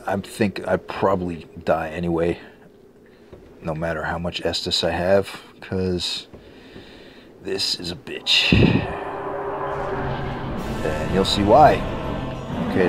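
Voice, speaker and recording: A man's voice: deep voice, slow, pauses often. A young man giving profane, exasperated, sarcastic gameplay commentary, his voice cracking. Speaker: let's play gamer. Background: game music.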